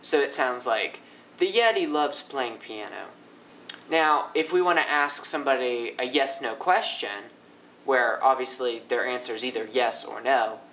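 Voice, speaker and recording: A young man teaching linguistics in a casual, upbeat way, often swinging his pitch up and down to demonstrate. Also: fairly bright tone, slight background noise, poor audio. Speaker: language teacher. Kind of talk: casual educational explainer.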